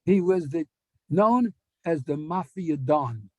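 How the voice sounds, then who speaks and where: Rabbi, high voice, lively storyteller, dry close recording. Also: male voice, takes it slowly, no echo, rough recording. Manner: animated storyteller, acts out dialogue. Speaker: rabbi giving a Torah class. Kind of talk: storytelling Torah lecture.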